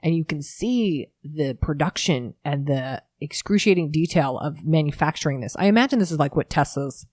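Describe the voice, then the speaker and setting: Thirties woman, low register, dry close recording, animated self-deprecating storyteller. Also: no room sound. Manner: lively storyteller, quick and self-mocking. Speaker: guest, startup founder. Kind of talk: casual interview chat.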